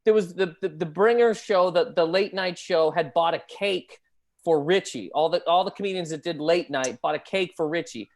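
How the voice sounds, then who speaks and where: A man's voice: fairly high pitch, normal speed. A male comedian telling a rambling, profane story on a video call. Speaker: comedian guest. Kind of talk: casual anecdote.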